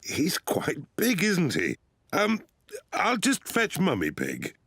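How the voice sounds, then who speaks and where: A man's voice: on the high side, huge pitch swings, slow, fairly bright tone, breathy edge, dry recording, studio quality, exaggerated voice. A man voicing a cheerful, fatherly grown-up pig in a children's cartoon, who chuckles often and reassures the children. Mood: reassuring. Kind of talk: cartoon voice acting. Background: cartoon music.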